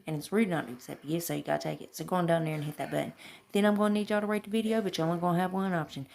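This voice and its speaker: A woman narrating a beauty vlog in a relaxed, folksy voice-over. Her voice carries a heavy, gravelly fry throughout. She talks to her viewers like old friends, with sweet terms of endearment and a bit of mild cussing. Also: on the low side, noisy background. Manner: folksy, calls viewers honey and girl, mild swearing. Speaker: beauty vlogger. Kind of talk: casual chatty voice-over.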